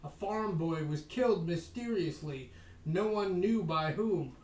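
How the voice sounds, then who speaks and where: A man reading a history book aloud as a podcast host, slowing down for emphasis and breaking off for wry asides. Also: sits high, lively intonation, a little mellow. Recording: echoey room, voice distant from mic.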